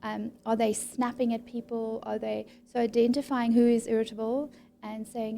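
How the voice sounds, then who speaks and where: Woman clinical psychologist, mellow and gravelly, steady explanatory interview guest. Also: fairly high pitch. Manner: calm, measured, explanatory. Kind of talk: professional interview.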